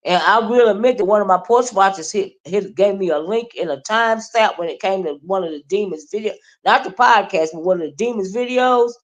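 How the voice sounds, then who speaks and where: A woman's voice: mid-range voice, fairly quick, hardly any pauses. A woman streamer giving a casual, meandering commentary monologue, full of fillers and restarts. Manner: chatty, meandering, with many fillers; loud mocking imitations, laughing.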